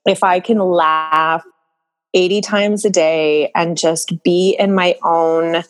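A woman guest in a candid podcast conversation, speaking in a slow, dreamy, drawn-out way. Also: fairly low pitch, fairly even intonation, soft background music.

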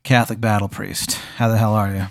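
A man's voice: on the low side, flat delivery, fairly quick, creaky, no echo. A man voicing a friendly male battle priest in armor who speaks in a breezy, affable way.

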